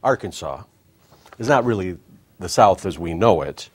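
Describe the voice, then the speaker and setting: A man's voice: deep voice, animated, moderate pace, a little mellow. A man hosting a comedic talk show, delivering a wisecracking monologue.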